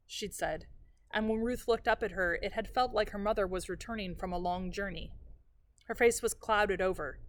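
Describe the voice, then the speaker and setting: A woman librarian reading a novel aloud in a measured, even storytelling manner. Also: mid-range voice, dry recording.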